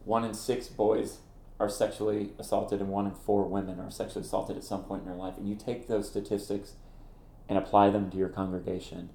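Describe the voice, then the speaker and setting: A middle-aged man, a ministry founder and former campus minister, telling stories in an interview in an animated way, laughing at himself. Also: fairly low pitch, a little fast, gravelly, echoey room, a little hiss or hum. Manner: animated, acts out quoted voices, laughs at himself. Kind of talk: conversational interview storytelling.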